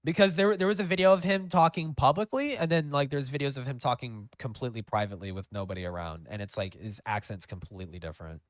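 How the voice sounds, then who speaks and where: A man's voice: mid-range voice, quick pace, hardly any pauses, no room sound, studio quality. A man hosting a livestream in casual chat, rambling with lots of fillers and swearing. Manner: rambling, profane, with many fillers. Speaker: streamer host.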